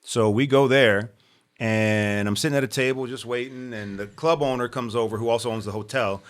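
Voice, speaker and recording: A man from Omaha, an actor and comedian, telling animated anecdotes as a podcast guest and acting out other people's lines. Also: medium pitch, moderate pace. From Omaha, Nebraska. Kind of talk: casual storytelling.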